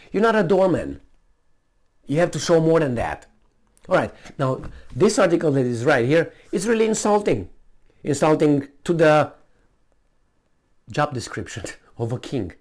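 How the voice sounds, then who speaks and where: An indignant man rants in a mocking, emphatic tone. His voice is mid-pitched, and his intonation swings widely as he jabs at his target in opinionated commentary. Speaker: vlogger, commentator.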